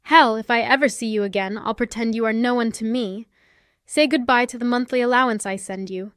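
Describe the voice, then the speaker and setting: A woman voicing an angry grown son who bluntly cuts off his mother, in a smooth, dry voice. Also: a little high, fairly even intonation, fairly quick, fairly bright tone, no echo, natural voice. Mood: furious. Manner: furious, blunt.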